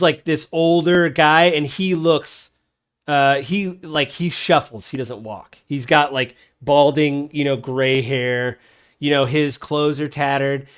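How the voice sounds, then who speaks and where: A man's voice: medium pitch, clear, resonant tone. A man narrating a tabletop game as game master, rambling with many fillers.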